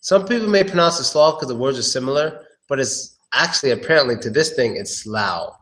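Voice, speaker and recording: A man giving a casual pronunciation lesson, drilling words slowly and chatting between examples. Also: medium pitch, animated, fairly bright tone. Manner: slow, drawn-out drilling of words, chatty asides. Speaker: pronunciation teacher.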